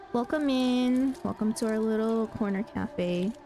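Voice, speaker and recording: A woman streamer, not a native English speaker, chatting in a friendly way with viewers and often clearing her throat. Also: fairly high pitch, dark tone. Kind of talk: casual chat with viewers. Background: background music.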